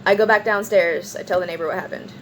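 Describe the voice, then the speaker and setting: A woman's voice: medium pitch, quick pace, slight background noise, rough recording. Rambling young-sounding woman telling a story. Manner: rambling, animated retelling with many "like"s and acted-out quotes. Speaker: vlogger. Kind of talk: casual storytelling vlog.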